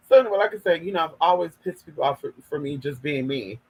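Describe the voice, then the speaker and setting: A young Northern California man tells gossipy stories to his viewers in a casual vlog monologue, sassy and profane, calling them "girl" and "y'all." His voice is a little high, expressive, a little mellow and slightly rough, quick with hardly any pauses, on a rough recording.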